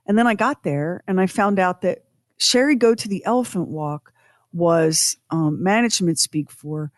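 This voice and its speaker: A woman co-hosting a podcast, telling a personal story in an animated, self-deprecating way with acted-out quotes. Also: lowish voice, normal speed, dry recording, clean studio sound. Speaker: podcast co-host.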